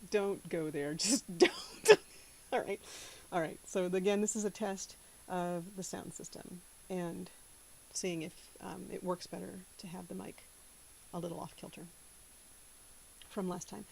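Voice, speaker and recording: A woman's voice: lowish voice, steady tone, a little slow, vocal fry, a little mellow, breathy edge, poor audio. A woman from the American South chatting casually to camera, giggling often. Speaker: channel host.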